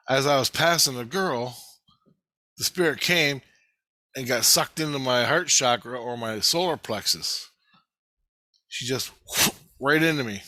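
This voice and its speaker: A man's voice: mid-range voice, sharp tone, no echo. A man casually telling a personal story in a blunt, rambling way, swearing freely and laughing at himself. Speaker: vlogger.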